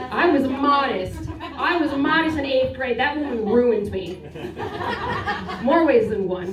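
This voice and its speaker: A woman's voice: high voice, a little slow, dull audio. A woman doing a stand-up set, chatty and teasing the crowd. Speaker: stand-up comedian. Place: comedy stage at a winery. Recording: echoey room, distant mic.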